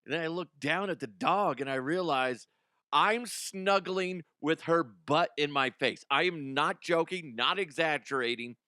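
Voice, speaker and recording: Middle-aged man, comedy podcast host, bright forward voice, rambling storyteller, laughs at his own jokes, dry close sound. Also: on the high side, a little slow, smooth, dry recording. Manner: rambling, self-amused storytelling with frequent laughs. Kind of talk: comedic news podcast monologue. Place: podcast studio.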